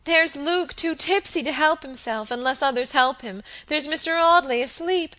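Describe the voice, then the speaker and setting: A woman voicing a distraught young maid who pleads and sobs in a high, loud, frantic voice. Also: normal speed. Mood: panicked.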